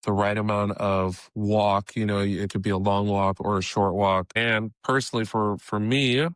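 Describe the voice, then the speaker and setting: A man from California, a guest comedian, chatting casually on a podcast with relaxed, hesitant speech and frequent restarts. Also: lowish voice, moderate pace, dry recording, clean studio sound.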